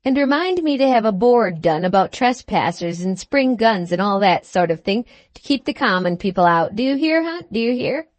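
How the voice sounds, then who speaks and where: A woman's voice: mid-range voice, lively intonation, normal speed, hardly any pauses, dry recording, natural voice. A woman voicing a fierce, pompous little captain who blusters and roars at his servants. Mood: blustering. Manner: blustering, roaring, wrathful.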